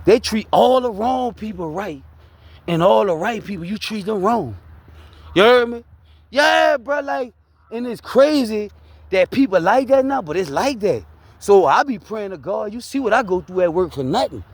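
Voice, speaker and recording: A man with a Louisiana accent speaks in a fairly high voice, recorded close and dry. He talks in loose street slang with a preaching edge, checking in with his listener over and over. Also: animated, normal speed, dry recording. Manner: preachy street talk, keeps repeating "you heard me?". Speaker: vlogger sharing his life story. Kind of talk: casual motivational talk.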